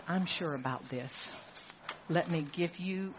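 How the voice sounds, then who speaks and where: A woman pastor preaching a sermon in a church, emphatic, with repeated phrases and slow, dramatic stresses. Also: lowish voice, dull audio, slight background noise. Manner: emphatic, rhetorical repetition with dramatic slowdowns. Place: church sanctuary.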